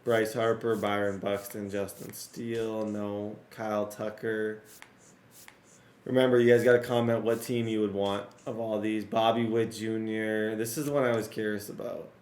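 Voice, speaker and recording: A man's voice: lowish voice, moderate pace. Hyped gamer guy w a cracking strained voice, rattling off names, echoey room. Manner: excitable, talks to viewers, rattles off player names. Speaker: gaming YouTuber. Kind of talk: casual gameplay commentary.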